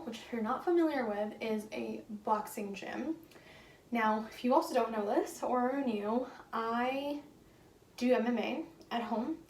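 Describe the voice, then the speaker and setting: A chatty young woman talking casually to her camera while cooking at home, her voice sitting a touch high. The kitchen is echoey, with a faint hiss of noise underneath. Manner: chatty, often adds "okay?" to check in with viewers. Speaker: vlogger. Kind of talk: casual vlog chat to camera.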